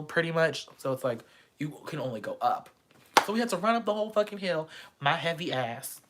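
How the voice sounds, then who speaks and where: A man's voice: fairly high pitch, fairly bright tone. A young man telling a story from his student days abroad, casual and profane, acting out the voices of the people in it. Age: young adult. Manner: acts out quoted voices. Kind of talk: storytime vlog.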